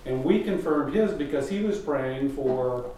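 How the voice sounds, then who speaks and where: A man, a guest, telling a personal missionary story in a casual, animated way and mimicking the voices of people in it. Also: medium pitch, unhurried. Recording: distant mic in a very echoey room, faint noise.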